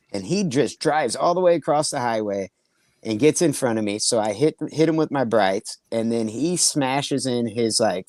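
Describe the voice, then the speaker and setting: A man's voice: mid-range voice, darkish tone, no echo. A young man who is a comedian, telling rambling, profane anecdotes in casual chat and acting out the quotes. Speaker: comedian, podcast co-host.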